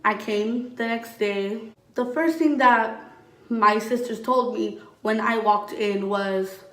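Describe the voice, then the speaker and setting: A woman's voice: a little high, slow pace, far from the mic. Blunt young woman in an echoey room. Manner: candid and blunt, heavy use of "like" and swearing. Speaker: vlogger. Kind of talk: casual storytelling.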